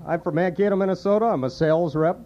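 A man's voice: sits high, fast talker, warm tone, dull audio. A man, a sales rep and contestant, answering questions plainly and a bit bashfully.

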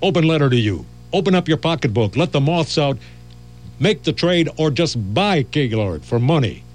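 A man's voice: a little high, lively intonation, moderate pace, voice pushed up, natural voice. A brash male radio talker, as a man quotes him, declaiming a taunt. He sounds mocking and showy and is lifted a little above the teller's own voice.

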